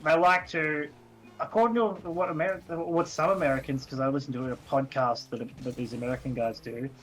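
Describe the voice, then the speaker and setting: An Australian man co-hosting a casual podcast, talking quickly and animatedly with stumbling restarts. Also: mid-range voice, steady tone, fairly bright tone, low-quality recording. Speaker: podcast co-host. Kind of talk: casual chat.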